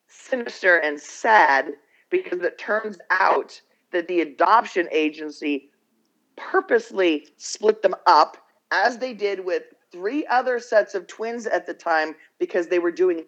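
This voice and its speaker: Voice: mid-range voice, fairly bright tone, poor audio. A podcast co-host chatting casually, rambling through a story, acting out the quotes and swearing freely. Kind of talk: casual chat, retelling a documentary.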